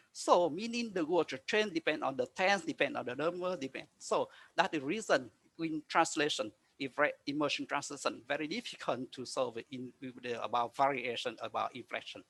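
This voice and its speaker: A man giving a conference presentation over a video call, speaking haltingly with frequent restarts and nonstandard grammar. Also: on the high side, sharp tone, no echo. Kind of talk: lecture presentation.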